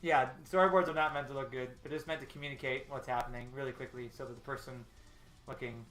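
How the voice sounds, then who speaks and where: An artist hosting a storyboarding stream chats casually while he works, rambling and laughing often. His voice is mid-range, steady and a bit bright, and he talks fast. The room is echoey, with faint music.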